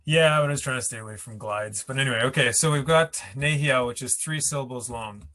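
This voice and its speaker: A man's voice: medium pitch, fairly quick, pushed and bright. A man teaching a language class, patient and chatty, thinking aloud as he explains and writes examples. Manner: patient, laughs easily, thinks aloud mid-sentence. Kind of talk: explaining grammar at a whiteboard.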